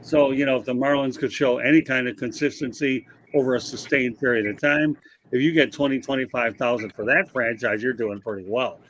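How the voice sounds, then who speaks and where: A man's voice: mid-range voice, steady tone, a little fast, a bit bright, a little hiss or hum. A man hosting a casual sports talk show, giving his opinions at length and passing the word to the panel. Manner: opinionated, rambling, leads the panel. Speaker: podcast host.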